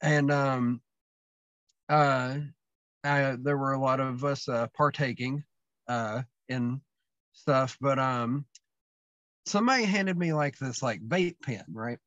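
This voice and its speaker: A man's voice: mid-range voice, slow, long pauses, fairly bright tone, no echo. A man guesting on a podcast, telling stories in a rambling way with lots of fillers and restarts. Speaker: guest wrestler. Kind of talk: casual storytelling chat. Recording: dull, dry lo-fi sound.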